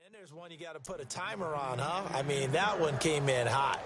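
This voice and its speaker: A man's voice: on the high side, animated, a little fast. A man giving color commentary for a football video game, chatty and analytical, bantering with his partner. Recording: loud game noise behind.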